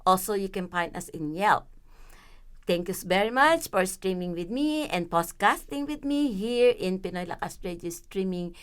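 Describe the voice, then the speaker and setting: Podcast host: woman at a middle pitch, easy and casual, short prompts to the guest. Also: lively intonation, normal speed, clean tone. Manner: friendly, brief prompts and back-channels. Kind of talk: casual interview chat.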